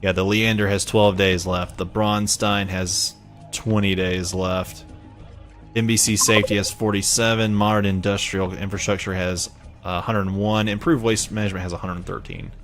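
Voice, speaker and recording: A man's voice: low-pitched, fairly bright tone. Laid-back Southern man narrating gameplay. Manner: rambling, chatty, self-mocking. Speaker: let's play gamer. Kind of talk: casual gameplay commentary.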